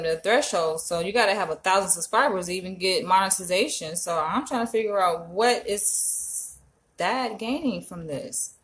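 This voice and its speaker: Woman vlogger, animated and emphatic, casual commentary. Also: mid-range voice. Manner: animated, emphatic, frequent profanity.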